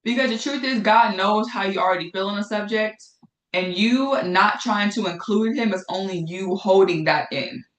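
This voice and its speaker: A woman with a medium-pitched voice speaks at a normal speed while leading a casual Bible study. Her style is conversational, with phrases frequently repeated for emphasis, and the recording sounds echoey.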